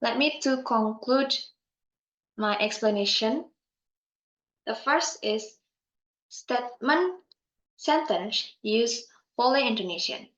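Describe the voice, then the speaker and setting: A young woman giving a class presentation, speaking slowly and carefully with pauses and fillers. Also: fairly high pitch, animated, a bit bright. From Indonesia. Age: young adult. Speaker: student presenter. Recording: muffled sound in an echoey room.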